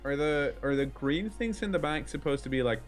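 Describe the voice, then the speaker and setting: A man's voice: fairly high pitch, animated, brisk, music in the background. A man chatting casually as a co-commentator on a game playthrough, hesitant and often trailing off mid-sentence. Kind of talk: casual chat over a game.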